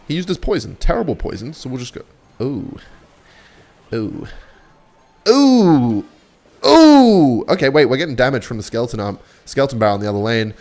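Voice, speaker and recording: A man's voice: mid-range voice, creaky. Young guy narrating his game, cocky and sarcastic, swears a lot, voice jumps all over. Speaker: gaming content creator. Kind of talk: live gameplay commentary.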